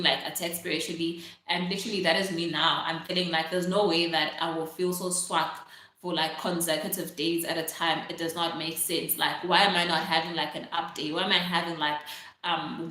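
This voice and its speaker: A young woman with a South African accent chats casually to her livestream viewers, reading their comments aloud. Her voice is bright and forward, and her talk is full of "like" and "literally". The room around her rings with strong echo. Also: on the low side. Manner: chatty, many fillers like "like" and "literally", reads out viewer comments. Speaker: livestream host. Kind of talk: casual live-stream chat. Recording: very echoey room.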